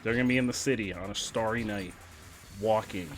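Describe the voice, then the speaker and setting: A man streaming casually, joking and rambling through an improvised silly story, swinging from mumbles to loud bursts. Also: on the low side, a little fast, a little hiss or hum.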